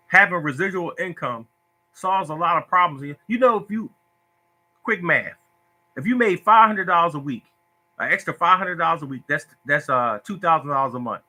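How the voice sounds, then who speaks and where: A man's voice: fairly high pitch, bright, forceful tone. A man hosting a casual phone livestream about lottery tips, talking in a preachy, repetitive, emotional way. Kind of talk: casual Facebook live talk.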